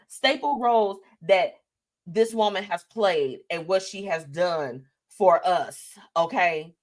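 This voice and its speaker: A woman hosting a live show, chatting casually about celebrity news in an animated, sassy way and reading out viewer comments. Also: medium pitch, measured pace.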